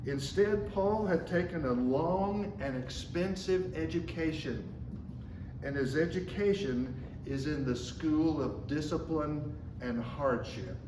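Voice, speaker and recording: A man preaching a sermon at a measured pace, slowing down when he quotes scripture. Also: a little high, recorded from a distance, noisy background. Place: church sanctuary. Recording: echoey room, mic from afar.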